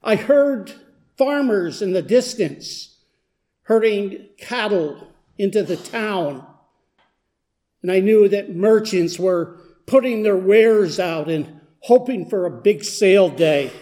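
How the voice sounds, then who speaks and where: A high-voiced man tells a story in the first person, as a poor blind beggar. His delivery is earnest and unhurried, and it steadily gathers intensity. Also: animated, mellow. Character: blind beggar man, humble then desperate. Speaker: dramatic storyteller. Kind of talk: first-person dramatic monologue.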